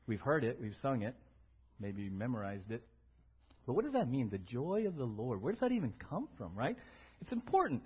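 A man preaching a sermon as pastor, conversational and animated, often asking "right?" to his congregation. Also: medium pitch, moderate pace, slightly rough, lo-fi sound.

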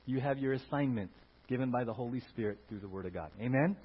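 A man preaching a sermon in church, talking in an animated way, rising to loud emphatic bursts and putting questions to the congregation. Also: medium pitch, quick pace, slightly rough. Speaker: pastor. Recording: dull lo-fi sound.

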